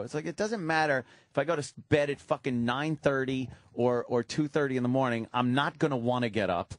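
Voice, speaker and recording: A man's voice: medium pitch, brisk, hardly any pauses, no echo, studio quality. A man hosting a radio show, chatting casually in a profane, rambling, self-mocking way.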